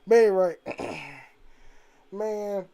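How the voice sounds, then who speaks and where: A man's voice: sits high, very slow, mellow, smooth. Brief: man, home gaming vlog, loose and profane, rambling, laughs a lot. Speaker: gaming vlogger. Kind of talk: casual rambling monologue.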